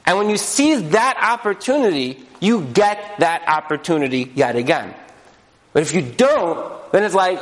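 A man delivers a sermon with an animated, storytelling delivery, his voice sitting high and swinging widely in pitch. He acts out the voices of the people in his stories. Long reverb from the hall trails after his words. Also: moderate pace. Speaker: rabbi.

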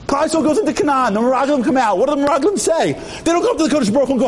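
A man's voice: very high voice, expressive, a little mellow. A man preaches at a memorial tribute. He tells stories with humor, fires off rhetorical questions and slips into different voices to act out the dialogue, with faint ambient noise behind him. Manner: acts out dialogue with quick shifts of voice; emphatic, with frequent rhetorical questions. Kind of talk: storytelling sermon with humor.

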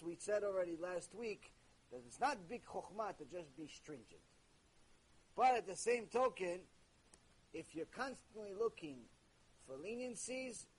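A man delivering a recorded religious ethics lesson, talking to his listeners in an animated, conversational way. His voice is husky and pitched high. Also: low-quality recording. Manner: animated, conversational, with sudden jokes. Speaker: religious teacher.

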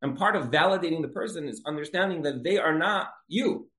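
A man's voice: on the high side, lively intonation, a little fast, pushed and bright. A man teaching a Torah lesson in a conversational storytelling style, repeating key phrases for emphasis. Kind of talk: religious lecture with storytelling.

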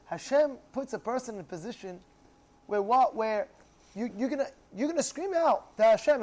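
A man's voice: very high-pitched, animated, normal speed, darkish tone, poor audio. A man giving a Torah class, quizzing his listeners and acting out pleas to God. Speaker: Torah teacher.

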